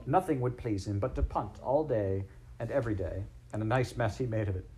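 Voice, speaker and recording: A man voicing a cheery, hospitable male water rat who talks in a hearty, brisk way. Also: lowish voice, a crowd in the background, natural voice. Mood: exasperated.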